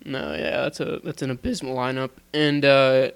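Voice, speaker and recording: A young man co-hosting a casual podcast, agreeing readily and chiming in with quick reactions. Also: mid-range voice, level tone, creaky, smooth. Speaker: podcast co-host. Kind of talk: casual chat.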